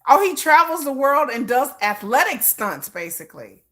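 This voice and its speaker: A woman's voice: sits high, sing-song, moderate pace, a bit bright. A middle-aged woman hosting a casual livestream, chatting bluntly with viewers, swearing freely and laughing often. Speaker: livestream host.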